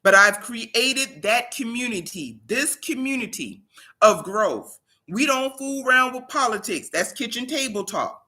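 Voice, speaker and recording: Emphatic woman preaching motivation, bright voice. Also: on the high side, lively intonation, measured pace. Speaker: motivational livestream host. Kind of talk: motivational livestream talk. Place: home in South Carolina.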